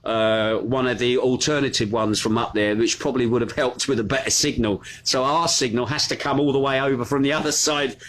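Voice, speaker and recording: A man's voice: medium pitch, fairly even intonation, fairly quick, hardly any pauses, fairly bright tone. Chatty man greeting viewers. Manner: chatty, reads out viewers' comments and greets them by name. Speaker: host of a live news stream. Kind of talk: casual live-stream chat.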